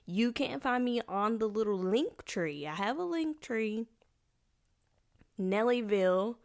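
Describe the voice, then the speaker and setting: A woman's voice: a little high, animated, slow, vocal fry. A young woman hosting a solo podcast, chatting casually in a rambling, playful, slangy way full of restarts and asides. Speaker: podcast host.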